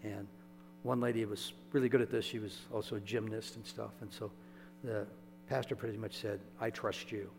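A man preaching a sermon in a relaxed, conversational storytelling way, often checking in with his listeners. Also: on the low side, a little fast, creaky. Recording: echoey hall with mains hum.

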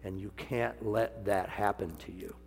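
An older man preaching a sermon in a folksy, joking way, swinging from quiet asides to loud, high exclamations. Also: steady tone, a little slow, gravelly. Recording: long hall reverb, faint hum.

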